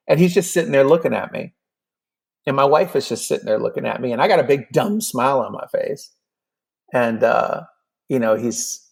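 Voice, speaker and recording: A man in his fifties recounts a personal story in casual podcast talk, his voice gravelly and pitched in the middle range. He acts out the dialogue, hopping between voices, with plenty of ums and likes along the way. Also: moderate pace. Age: 50s. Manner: animated, acts out dialogue with many fillers. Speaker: podcast guest.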